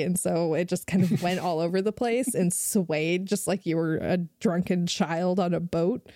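A woman co-hosting a podcast, talking in an animated, quick and playful way. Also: on the low side, dry recording, clean studio sound. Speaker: podcast co-host. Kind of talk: casual chat.

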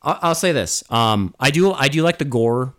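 A man's voice: mid-range voice, animated, moderate pace, fairly bright tone. A man co-hosting a casual movie review podcast, exasperated and rambling, with frequent swearing. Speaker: podcast co-host.

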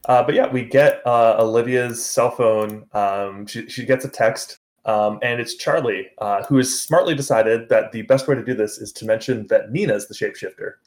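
Man, mid-pitched voice, animated casual podcast chat, laughs a lot. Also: moderate pace, hardly any pauses. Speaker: podcast co-host. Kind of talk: casual chat recapping a TV episode.

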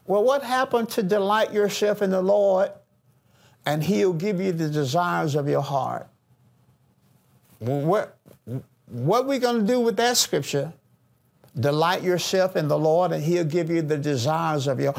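A middle-aged man preaching with a high, gravelly voice. He talks slowly and repeats key phrases for emphasis. He shifts his tone whenever he quotes what others say. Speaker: pastor. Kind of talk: sermon.

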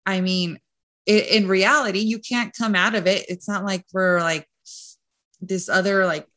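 A woman's voice: medium pitch, steady tone, a little slow, a bit bright. A woman nutrition and mindset coach talking casually as a podcast guest, rambling and full of "like" and "you know".

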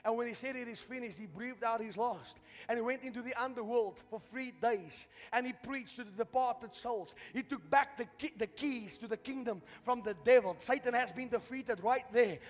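A man preaching a sermon to a congregation, leading them in call-and-response and building to shouted fervor. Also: extremely high pitch, moderate pace, few pauses. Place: church hall. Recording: long church hall reverb with faint music.

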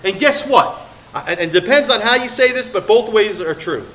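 Bright-voiced preacher, hushed then emphatic. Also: male voice, high voice, animated, brisk. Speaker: pastor. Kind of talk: sermon.

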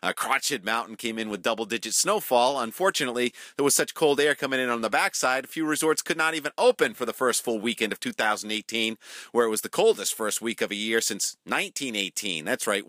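A man delivers a ski weather outlook in a folksy, emphatic way. His voice is bright and forceful. The sound is dry and close. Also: medium pitch, no room sound. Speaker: weather forecaster. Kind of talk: casual weather report.

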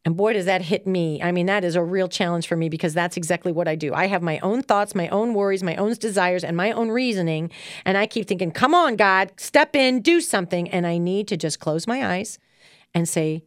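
A middle-aged woman sharing a devotional talk, earnestly reading prayers and slowing down for them. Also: lowish voice, no room sound, clean studio sound. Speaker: co-host, devotional speaker.

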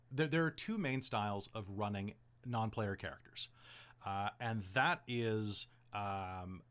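A man's voice: fairly low pitch, fairly bright tone. A man hosting a casual podcast, giving game-master advice in a chatty, rambling way full of "like" and "um". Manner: chatty, rambling, heavy use of "like" and "um".

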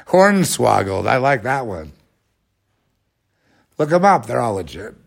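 A man's voice: mid-range voice, big pitch swings, a little slow, vocal fry. A man hosting a rambling, sarcastic religious commentary talk.

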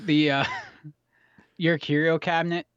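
A man co-hosts a casual podcast from a basement booth, rambling easily between fillers. The sound is dry and close, a little dull in the highs. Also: little pitch movement, measured pace, clean tone, no echo. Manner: rambling, laid-back, trails off with fillers. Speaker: podcast co-host. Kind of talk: casual chat. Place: makeshift recording booth in a basement.

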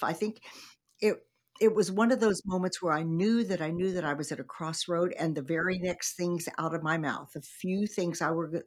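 Husky, earnest woman telling a testimony. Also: on the low side. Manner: earnest storytelling with quoted prayers. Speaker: guest, minister. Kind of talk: testimony in a faith interview.

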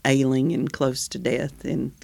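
Wry bookish man with a gravelly voice. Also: medium pitch, little pitch movement, unhurried, a little mellow. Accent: Oklahoma. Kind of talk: casual chat.

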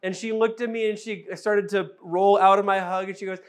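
High-voiced man preaching a casual sermon. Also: steady tone, a little fast, smooth. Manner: conversational, humorous, repeats phrases for emphasis. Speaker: pastor. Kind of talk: sermon with personal storytelling.

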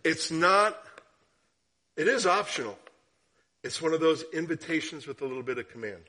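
Man preaching, bright clear voice, storytelling, rhetorical questions, hushed then rising. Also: on the high side, lively intonation, moderate pace. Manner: drops to hushed tones for story, rises for questions. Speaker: guest preacher. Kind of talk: sermon.

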